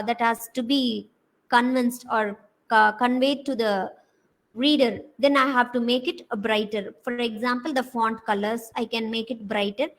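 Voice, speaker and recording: A woman's voice: on the high side, a bit bright, low-quality recording. A woman with an Indian English accent giving a university design lecture, talking through slide examples with many hesitant fillers.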